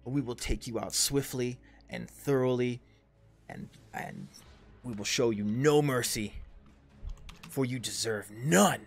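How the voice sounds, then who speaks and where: A man's voice: mid-range voice, slow pace, gravelly, slightly rough, heavily acted. A stern warrior, as a man declaims in character. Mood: threatening. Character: grim male warrior threatening vermin foes.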